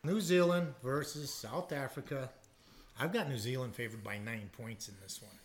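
A man hosting a casual panel chat, briskly setting out betting lines and teasing his co-hosts. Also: mid-range voice. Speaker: host.

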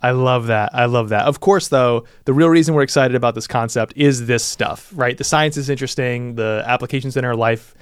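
A man hosting a podcast, talking in a casual, animated way with quick asides. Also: medium pitch, smooth, no room sound, clean studio sound. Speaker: podcast host.

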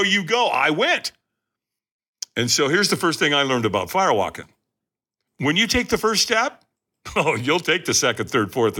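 Lively bright-voiced man telling a story. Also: fairly high pitch. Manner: emphatic, addresses listeners directly. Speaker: podcast guest. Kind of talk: animated storytelling.

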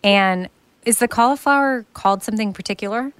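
A woman's voice: medium pitch, a little fast, fairly bright tone, no echo. Chatty woman podcast host, dry sound. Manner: chatty, laughs often. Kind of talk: casual chat.

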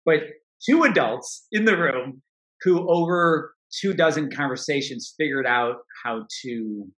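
A man's voice: on the high side, lively intonation, measured pace, a bit bright. Middle-aged guy, coach, thoughtful and earnest, keeps restarting sentences, echoey room. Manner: reflective, earnest, frequent restarts. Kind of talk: interview conversation. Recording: roomy echo.

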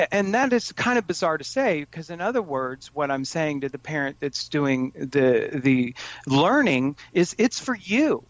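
A man speaks earnestly as a parenting coach, his voice a bit higher than most men's. He often stumbles and restarts his sentences. The recording sounds dull and muffled, with a dry, close feel. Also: no room sound. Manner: earnest, with frequent restarts and stammered starts. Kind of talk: conversational advice.

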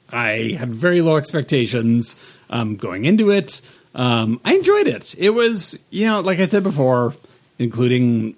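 A man with a lively, swinging pitch, chatting on a podcast. His humor is dry and he leans on ums and likes. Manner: dry, joking, many fillers. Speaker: podcast co-host. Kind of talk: casual pop-culture chat.

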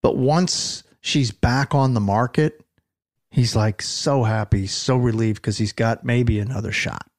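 A man's voice: mid-range voice, a little slow, no echo. A middle-aged man chatting casually as a podcast guest, with dry, self-deprecating humor. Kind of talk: casual chat.

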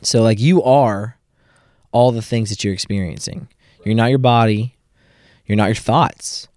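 A young man hosts a casual podcast in a fairly low voice, easygoing and quick to laugh along with his guest. When he lays out an idea, he explains it slowly and carefully, and the recording is dry and close. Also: a little mellow, no echo. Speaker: podcast host, former high school teacher.

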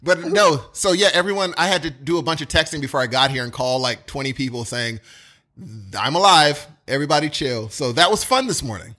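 A man with a bright, lively voice that sits a little high and swings widely in pitch. He co-hosts a casual podcast chat and tells stories with plenty of laughter. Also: fast talker, hardly any pauses. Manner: animated, laughing storyteller. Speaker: podcast co-host.

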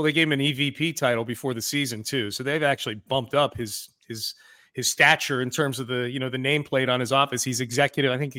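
A man hosts a sports podcast with a bright, forceful voice that sits a little high. He talks fast and jokes, often restarting his sentences. The sound is dry and close. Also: no room sound. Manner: quick, joking, many restarts. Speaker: sports radio host. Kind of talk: casual sports podcast chat.

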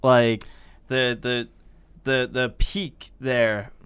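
A man co-hosting a casual music review chat, hesitant and measured in his critique. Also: medium pitch, little pitch movement, fairly bright tone, smooth, dry recording.

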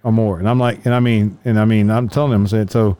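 A man's voice: fairly low pitch, fairly even intonation, fast, mellow, smooth. A man, a police officer, casually telling a rambling, profane story and raising his voice to act out the people he quotes.

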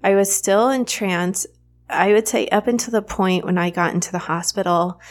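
A woman in her thirties hosting a podcast, telling a personal story in a candid, animated way with frequent fillers. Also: medium pitch, moderate pace. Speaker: podcast host.

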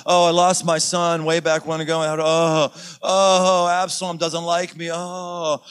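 Man doing a whiny old king, self-pitying, drawn-out sighs, a bit higher than his own voice. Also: level tone, a bit bright, clean tone. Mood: moaning.

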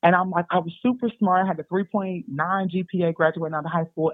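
A young woman, a basketball player and podcast guest, telling stories in a chatty, animated way and calling her listeners y'all. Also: fairly low pitch, fast talker, dry recording. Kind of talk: casual storytelling. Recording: dry tinny phone-like sound.

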